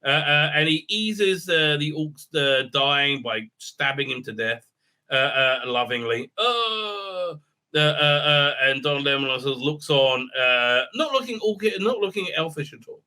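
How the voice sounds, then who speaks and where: A man's voice: fairly high pitch, animated, a little slow, pushed and bright. Sarcastic man rambling through a review. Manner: rambling, sarcastic, heavy filler words. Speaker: TV series reviewer. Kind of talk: casual episode recap and review.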